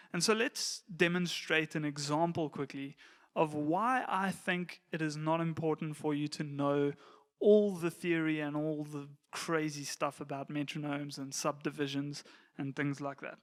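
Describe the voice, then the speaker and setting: Easygoing man teaching church musicians. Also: on the high side. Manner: relaxed, plain-spoken, breaks into counting aloud. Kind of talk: casual instructional talk.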